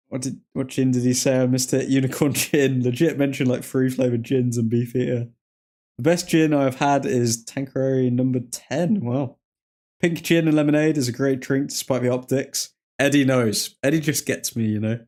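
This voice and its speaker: A man's voice: mid-range voice, darkish tone. Chatty English man hosting a stream. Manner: chatty, reads out viewer comments and reacts. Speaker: livestream host. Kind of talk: casual watchalong chat.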